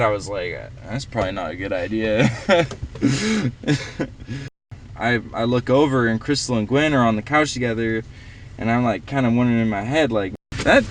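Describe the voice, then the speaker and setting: A man's voice: medium pitch, slight background noise, lightly acted. A young man playing a party-goer who tells a long story in a rambling, profane, slangy way full of fillers. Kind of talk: casual film dialogue.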